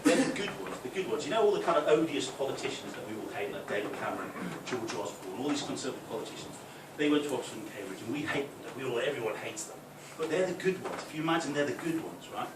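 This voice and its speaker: A young man from the North East of England with a softened Geordie accent, doing a chatty stand-up routine. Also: medium pitch, lively intonation, fast talker, hardly any pauses. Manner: chatty, with tag questions; loud put-on voices for punchlines. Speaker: stand-up comic. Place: club function room. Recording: echoey room, distant, noisy.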